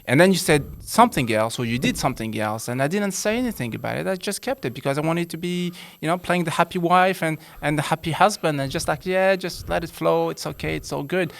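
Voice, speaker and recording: A man's voice: fairly high pitch, animated, fast talker, hardly any pauses, a bit bright. A man who is a psychologist, talking as a podcast guest and explaining earnestly with rhetorical questions. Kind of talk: casual conversation.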